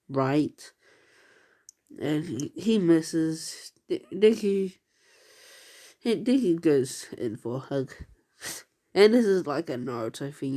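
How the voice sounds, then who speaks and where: A woman's voice: deep voice, warm tone. A woman casually retelling a fan story, rambling and hesitant with many fillers.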